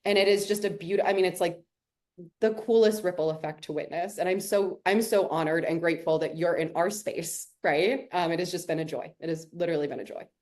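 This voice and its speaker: Lower-voiced woman coach, encouraging. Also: steady tone, fairly quick, a little mellow. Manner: encouraging and affirming. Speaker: program coach and interview host. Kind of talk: warm supportive interview talk.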